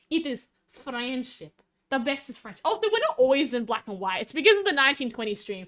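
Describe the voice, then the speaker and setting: High-voiced Australian woman streamer. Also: very animated, fairly bright tone. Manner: rambling, chatty, quick to laugh. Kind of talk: casual live-stream chat.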